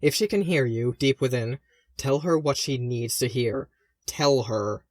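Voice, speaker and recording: A man's voice: medium pitch, a little slow, no echo, studio quality, lightly acted. A man voicing the ghost of a young dwarf prince, earnest and serious, in an audiobook reading. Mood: pressing.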